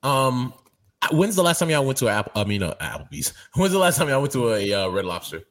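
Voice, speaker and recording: A man's voice: medium pitch, sing-song, fairly quick, low-quality recording. A man co-hosting a podcast who laughs often and teases the others in casual chat. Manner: laughing, teasing. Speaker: podcast co-host.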